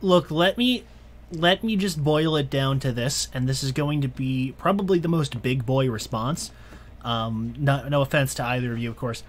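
A man's voice: mid-range voice, normal speed, a little hiss or hum. A man co-hosting a casual podcast who delivers blunt, profane put-downs and roast jokes. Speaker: podcast co-host.

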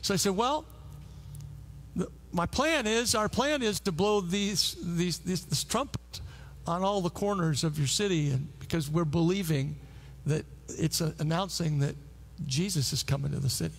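Man, preacher, high voice, gravelly, animated storytelling, sermon. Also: moderate pace. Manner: animated, storytelling with frequent restarts. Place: church service.

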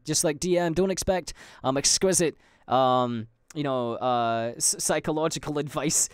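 A man's voice: expressive, brisk, clean tone, no echo, studio quality. A young Scottish man hosting a solo podcast, chatting loosely with lots of fillers and swearing while drinking gin. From Scotland. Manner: jumps to high mock voices when quoting people. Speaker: podcast host and livestreamer.

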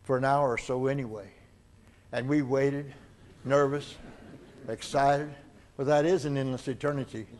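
An older male pastor preaching in a church, in a middle-range voice. He tells a story and slips into the voices of its people, getting louder or softer with the feeling of each moment. The telling is unhurried and plain. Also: medium pitch, fairly even intonation, slight background noise. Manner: acts out dialogue in the story, with rises and falls in loudness. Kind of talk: sermon storytelling. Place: church sanctuary.

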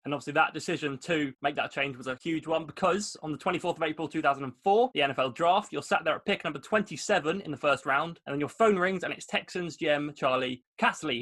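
A man hosts a sports podcast, talking quickly with a slightly raised pitch. He reads scripted intros and long, stat-packed questions in an upbeat tone. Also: fairly bright tone. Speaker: podcast host.

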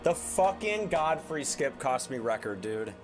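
A man's voice: medium pitch, very animated, a little slow, over music. Frustrated young man swearing over a speedrun. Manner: frustrated, swearing, addresses chat. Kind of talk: live gameplay commentary.

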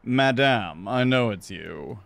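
A man voicing a weary, regretful young repo man in a low, murmured tone, reading game dialogue aloud. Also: expressive, slow pace, vocal fry, fairly bright tone, dry recording, exaggerated voice. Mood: apologetic.

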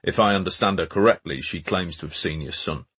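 A man's voice: low voice, brisk, a bit bright, slightly rough. A man voicing a blunt, persistent male detective who asks direct, pressing questions. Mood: probing.

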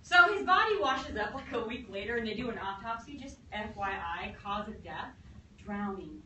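A woman history teacher telling a lecture as a lively story, acting out quotes and laughing along. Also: mid-range voice, moderate pace, slight background noise. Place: classroom. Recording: echoey classroom from far off.

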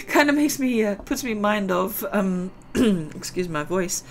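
Slow, gravelly middle-aged woman. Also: mid-range voice, expressive, a little hiss or hum. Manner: chatty, rambling, giggly asides. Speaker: gaming video host. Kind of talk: casual let's-play commentary.

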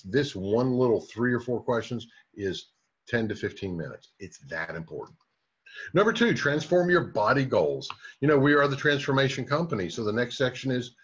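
Husky-voiced man giving a coaching talk. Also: mid-range voice. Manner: direct, coaching, tag questions to the listener. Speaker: business trainer. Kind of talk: motivational training talk. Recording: dull lo-fi recording.

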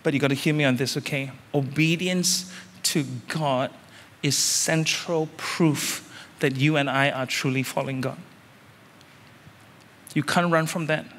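A male pastor delivers an emphatic sermon, his voice sitting a little high for a man. He hammers his points with repeated phrases and sudden loud climbs. The sound carries a long hall reverb. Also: fairly even intonation, measured pace, pauses often, slight background noise. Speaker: senior pastor.

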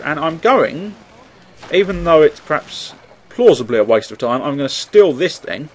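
Young male let's-player, slightly high, very animated pitch, chatty and jokey, hums along while playing. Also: normal speed, a little hiss or hum. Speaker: let's play host. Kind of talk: casual gameplay commentary.

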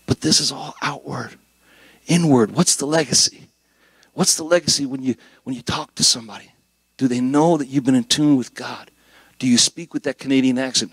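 A middle-aged man preaching a sermon as a guest pastor, conversational and animated, with jokes and rising emphasis. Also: mid-range voice, fairly quick, slightly rough, no room sound.

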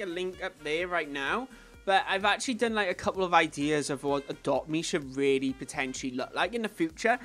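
A man hosting his own gaming channel, giving chatty gameplay commentary that swings between low mumbling and excited squeals. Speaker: YouTube gaming channel host. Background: faint background music.

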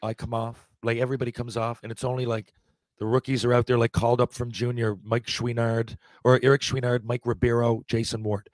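A man in his forties, appearing as a podcast guest, tells rambling, profanity-laced anecdotes in a casual way. His voice is medium in pitch with little movement, and he talks briskly with no echo.

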